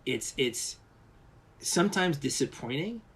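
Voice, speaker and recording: French man telling an animated story. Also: fairly high pitch, a little slow, slightly rough. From France. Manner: animated storyteller, acts out quoted voices, many restarts. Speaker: visual effects artist guest. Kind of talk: casual storytelling interview.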